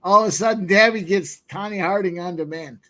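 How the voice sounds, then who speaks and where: A man's voice: sits high, fairly quick, sharp tone. A man joining a casual sports chat, wry and teasing. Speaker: sports radio co-host.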